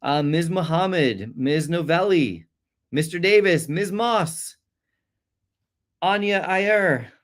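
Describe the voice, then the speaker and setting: A man hosting a casual live-stream exam review, chatting, rattling off viewer shout-outs and stumbling over names with quick apologies. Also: on the high side.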